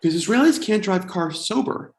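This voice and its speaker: A man's voice: high voice, animated, normal speed, creaky, darkish tone, echoey room, slight background noise. A man in his forties from the United States, doing a wry, self-deprecating stand-up comedy set. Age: 40s.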